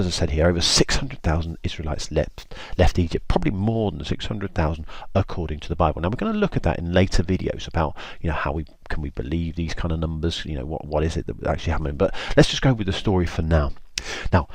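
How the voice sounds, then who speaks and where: A man with a deep, low voice talks through a story for a video lesson. He keeps it chatty and animated, with plenty of ums. The sound is close and dry. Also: slightly rough, no room sound. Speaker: teacher.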